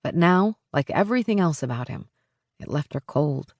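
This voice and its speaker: A woman narrating a romance audiobook in a steady, even storytelling manner. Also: sits low, normal speed, dry recording.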